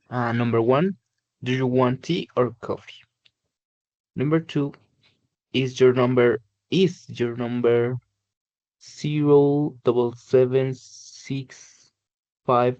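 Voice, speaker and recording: A man reading exercise sentences aloud as a student, slow and hesitant with fillers. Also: medium pitch, darkish tone, dry recording. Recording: dull dry lo-fi mic.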